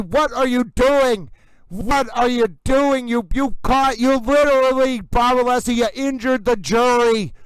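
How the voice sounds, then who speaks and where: High-voiced man ranting on a livestream. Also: clear, resonant tone, no echo, poor audio. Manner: exasperated, theatrical, alternating yelling and muttering. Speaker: livestream host commenting on a trial. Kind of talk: live commentary stream.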